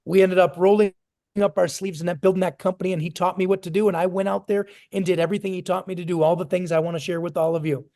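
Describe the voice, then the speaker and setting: A man with a high-pitched voice giving a motivational talk over a video call. He is emphatic and punchy, and he stacks up lists to drive his points home. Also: level tone, fast, mellow. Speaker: motivational speaker for a business team.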